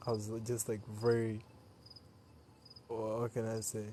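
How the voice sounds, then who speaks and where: A man's voice: lowish voice, monotone, takes it slowly, background noise. A tired young man chatting loosely with viewers on a late-night live stream, laughing often and talking into a phone he holds while outdoors.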